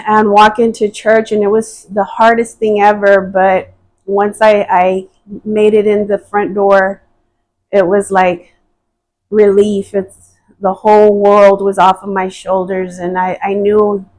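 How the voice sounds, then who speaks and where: A woman's voice: medium pitch, flat delivery, slow pace, darkish tone, rough recording. A woman telling her personal testimony as a podcast guest, speaking hesitantly and earnestly, with frequent fillers and restarts.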